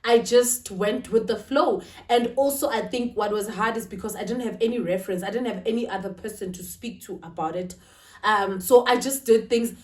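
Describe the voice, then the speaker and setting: A woman's voice: medium pitch, moderate pace. Emotional woman vlogging in a roomy space. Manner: emotional, confiding, checks in with "right?". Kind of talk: casual talk to camera. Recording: roomy, slightly distant.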